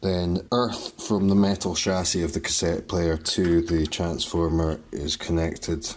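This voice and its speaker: A man's voice: low voice, flat delivery, measured pace. A man hosting a hands-on repair tutorial, talking in clipped, terse step-by-step phrases. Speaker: host of a repair tutorial channel.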